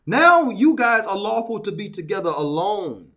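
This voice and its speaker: A man's voice: extremely high pitch, normal speed, hardly any pauses. A man on a casual group talk show, telling a story with lots of repetition for emphasis. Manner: animated storyteller, repeats phrases for emphasis.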